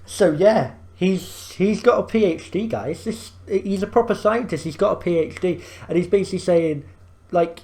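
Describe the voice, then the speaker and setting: A man's voice: fairly high pitch, moderate pace, darkish tone. A man hosting a reaction video, explaining things in rambling casual commentary full of fillers and restarts.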